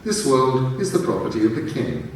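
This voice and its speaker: A man voicing a gentle, whispery alien voice that calmly and formally claims the Earth, read live in a large theatre and heard from far off in an echoey hall. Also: medium pitch, normal speed, a little hiss or hum. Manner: calm, formal, bureaucratic.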